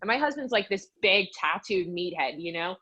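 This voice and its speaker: A woman's voice: medium pitch, brisk, breathy edge, highs cut off. A young woman from western Pennsylvania, a fitness coach guesting on a podcast, telling her story in a chatty way and saying "like" constantly. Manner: chatty, fills speech with "like", animated retelling. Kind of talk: casual storytelling interview.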